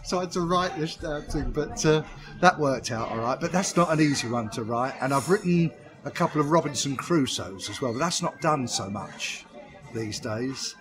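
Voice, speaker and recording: A man's voice: on the high side, expressive, normal speed, over music. An older man, a pantomime writer and comedy performer, telling chatty stories in an interview and laughing often at them. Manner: chatty storyteller who laughs often at his own anecdotes. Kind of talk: anecdotal interview chat.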